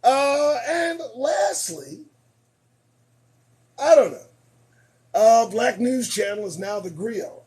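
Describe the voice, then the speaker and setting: On his late-night commentary show, a man with a very high-pitched, fading voice talks slowly with long pauses and big pitch swings. His delivery is emphatic and preachy, with repeated lines and a back-and-forth between shouting and muttering.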